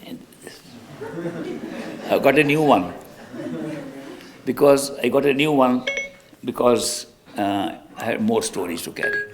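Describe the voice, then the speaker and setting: A man's voice: medium pitch, a little slow, long pauses, crowd noise. A spiritual teacher, a man, telling jokes to an audience in an easygoing, chuckling way.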